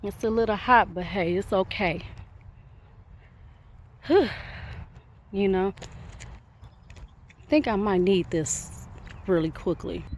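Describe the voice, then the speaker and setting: A woman's voice: mid-range voice, slow pace, pauses often. A woman from Michigan vlogging outdoors, giving casual, upbeat encouragement to her viewers in a playful, preachy way. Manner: lively, preachy, playful, speaks to viewers as kings and queens. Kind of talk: casual motivational vlog. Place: outdoors in the sun.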